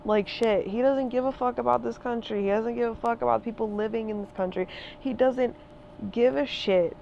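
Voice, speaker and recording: A woman's voice: a little high, moderate pace, vocal fry, dark tone, dull audio, a little hiss or hum. Heated, profane young woman ranting. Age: 20s. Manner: repeats phrases for emphasis. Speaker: vlogger. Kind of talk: ranting monologue.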